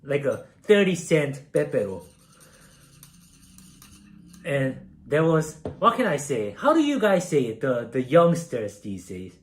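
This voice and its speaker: A man's voice: mid-range voice, huge pitch swings, a little slow. Rambling young man from Korea. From South Korea. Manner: rambling, self-deprecating, many fillers. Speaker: streamer. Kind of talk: casual storytelling while baking.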